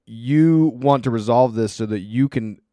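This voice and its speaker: A man's voice: medium pitch, unhurried, dark tone, no echo. A man co-hosting a casual chat about his marriage, earnest and reflective, often restarting his sentences. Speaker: co-host.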